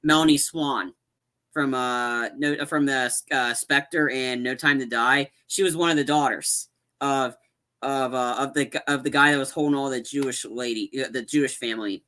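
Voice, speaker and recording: A man's voice: mid-range voice, steady tone, normal speed, bright, forceful tone. A man co-hosting a podcast, chatting casually about films in a rambling way with lots of fillers and restarts. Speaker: podcast co-host. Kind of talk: casual movie chat.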